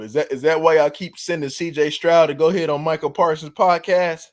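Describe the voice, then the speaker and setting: A high-pitched man riffs on football in loose, slangy chat. He laughs often and curses freely. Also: a little fast, hardly any pauses. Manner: animated, laughing, swearing, slangy. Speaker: sports YouTuber. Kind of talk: casual sports chat.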